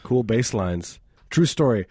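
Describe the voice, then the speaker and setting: Self-mocking radio host with husky warm voice. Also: male voice, mid-range voice, expressive, measured pace, no echo, clean studio sound. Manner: self-mocking, jokey, mimics voices, frequent laughs. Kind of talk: loose comedic radio banter.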